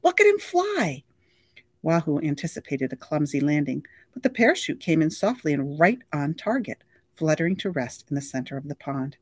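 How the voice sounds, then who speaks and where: A reader narrating a novel at a mid pitch, steady and even, close to the mic. The sound is dry, with no room around it. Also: brisk, no echo. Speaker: audiobook reader.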